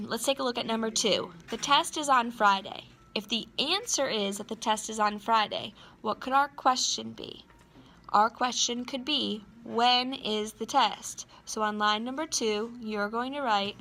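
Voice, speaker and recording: Woman teacher, bright and a bit high, careful repeated dictation, faint hiss behind. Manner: slow, clear dictation with repeated sentences. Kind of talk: recorded class lesson.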